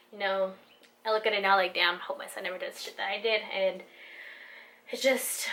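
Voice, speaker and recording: Speaking with a mid-range, bright and forceful voice, this young vlogger and new mother opens up to camera with heartfelt candor. She swears casually and leans on "like" and "you know," with slight noise in the background.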